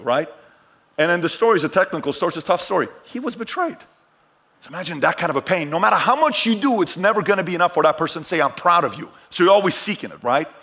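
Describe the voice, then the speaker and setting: A middle-aged man telling personal stories in a motivational talk, swinging from hushed lines to shouted ones. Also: fairly high pitch. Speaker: keynote speaker.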